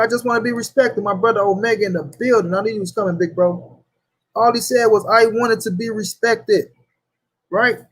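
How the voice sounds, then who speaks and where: A husky, high-voiced boxing commentary host rants heatedly during a livestream, swearing, repeating his points and reading and addressing the chat. The recording quality is low.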